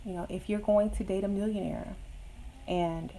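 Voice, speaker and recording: A woman's voice: mid-range voice, steady tone, normal speed, dark tone, slight background noise, rough recording. A woman casually giving blunt, sassy dating advice to viewers, with joking asides. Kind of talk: casual advice chat answering viewer questions.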